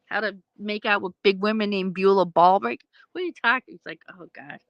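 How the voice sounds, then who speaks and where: A woman's voice: mid-range voice, fairly quick, dry recording. A woman in her forties, hosting a casual live stream chat with viewers, rambling and laughing often. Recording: dull lo-fi dry sound.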